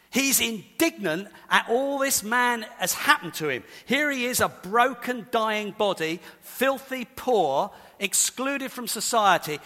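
A man's voice: very high voice, pushed and bright. Emphatic preacher man in an echoing hall. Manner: emphatic, repeats key points; explains scripture conversationally. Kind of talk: sermon.

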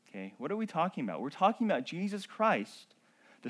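A male pastor giving a sermon in a conversational way, checking in with the congregation with "okay?" and "right?", and building to emphatic, drawn-out peaks. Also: a little high, sing-song, husky.

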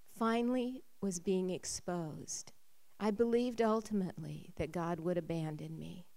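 A woman sharing a personal faith testimony. Her voice rises when she gets excited and drops low when she turns reflective. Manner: emotional storytelling, rising when excited and dropping low when reflective.

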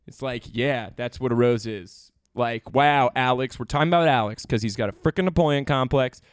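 A man co-hosting a comedy podcast, chatting in an excitable, teasing, rambling way. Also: mid-range voice, normal speed, clear, resonant tone, dry recording, clean studio sound. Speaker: podcast co-host. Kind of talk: casual comedic chat.

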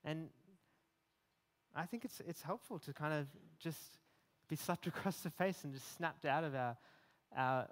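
A man preaching a sermon in a conversational way, with many fillers and restarts, getting animated at times. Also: fairly high pitch, moderate pace, in a large hall. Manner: animated when voicing imagined rebukes.

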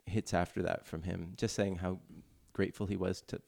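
A man's voice: deep voice, level tone, normal speed, creaky, a little mellow. A man co-hosting a casual podcast chat, wry and dry, cracking jokes and checking in on the others. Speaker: podcast co-host.

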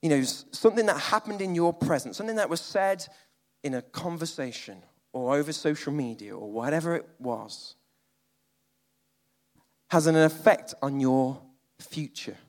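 A man preaching a sermon, moving between loud emphatic lines and quiet, almost whispered ones. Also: a little high, expressive, moderate pace, big-room sound.

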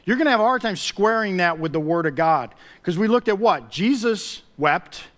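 A pastor with a high-pitched male voice delivers a sermon. He talks to the congregation in a casual, conversational way. He rises into emphatic swells and repeats key phrases for weight. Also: lively intonation, moderate pace, a bit bright.

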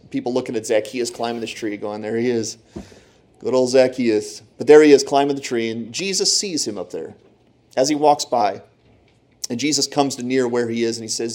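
A man's voice: medium pitch, darkish tone. A man preaching a sermon, retelling Bible stories with dramatic, acted-out voices. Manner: dramatic storytelling, acts out Bible characters.

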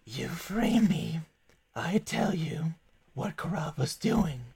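A man's voice: on the high side, sing-song, measured pace, gravelly, darkish tone, slightly rough, heavily acted. A man voicing a sly, scheming chained male devil in a tabletop game, sinking now and then into a whisper. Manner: silky, scheming, drops to whispers. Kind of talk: tabletop role-play voice.

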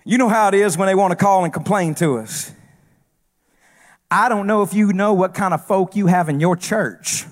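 High-pitched preacher guy, jokey sermon that ramps up to shouting. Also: normal speed, in a large hall. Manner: humorous, rising to shouted preaching. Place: church stage.

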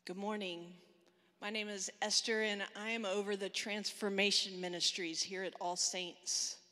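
A woman's voice: medium pitch, little pitch movement, normal speed, bright, forceful tone, long reverb tail. A woman introducing herself as a ministry leader at church. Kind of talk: church announcement. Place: large church hall.

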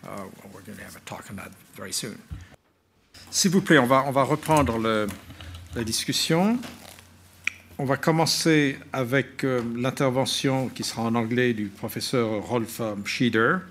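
A man's voice: mid-range voice, normal speed, a bit bright, slight background noise. A man chairing a conference panel in a conference room, repeating words and restarting as he introduces the speakers.

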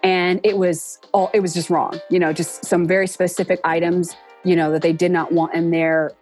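A woman in her forties, a guest in a casual interview, talking earnestly and reflectively and acting out quoted speech with lively pitch jumps. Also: moderate pace, faint music behind. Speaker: interview guest, entertainment production professional.

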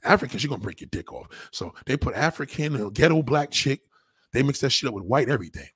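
Crude livestream guy ranting, husky voice, lots of ups and downs, dry close sound. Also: mid-range voice, very animated, fast, a bit bright, no room sound. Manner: brash, profane, lapses into mock voices. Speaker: livestream host. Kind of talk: crude comedic rant to a livestream chat.

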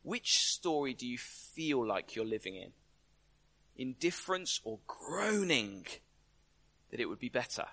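A man preaches in a bright, forward voice at a middle pitch. He talks conversationally to the audience and presses his points with repeated rhetorical questions. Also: big pitch swings, unhurried. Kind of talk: sermon.

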